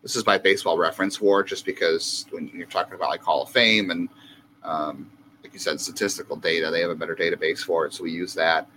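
Low-voiced man musing on stats. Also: fairly even intonation, fast, pushed and bright, slight background noise, low-quality recording. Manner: thinking aloud, many fillers. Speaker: podcast co-host. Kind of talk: casual sports talk.

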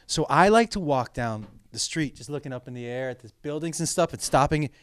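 A man hosting a loose comedy conversation, slightly higher-pitched than most men. He tells animated stories and does the voices of the people in them, with a very lively pitch. The sound is dry and close. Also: brisk, clear, resonant tone, dry recording. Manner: animated storyteller acting out quoted strangers. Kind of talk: casual comedic chat.

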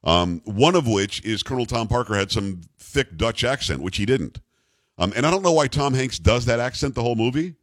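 Chatty middle-aged talk radio host. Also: male voice, medium pitch, lively intonation, fairly quick, no echo, clean studio sound. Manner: rambling, chatty, teasing co-hosts. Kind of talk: casual talk radio banter. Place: radio studio.

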